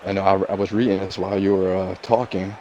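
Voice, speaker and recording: A man's voice: low-pitched, flat delivery, quick pace, dark tone, highs cut off, a little hiss or hum, natural voice. A man voicing a bitter, menacing male wrestler rival in a fan wrestling promo, drawling and repeating "I mean". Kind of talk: wrestling promo role-play.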